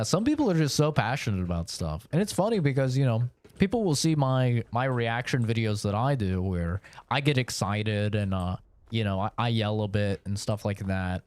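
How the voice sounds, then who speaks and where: Animated, profane male streamer telling a story. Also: medium pitch, moderate pace. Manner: rambling, profane, animated, lots of fillers. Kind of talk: casual storytelling while gaming.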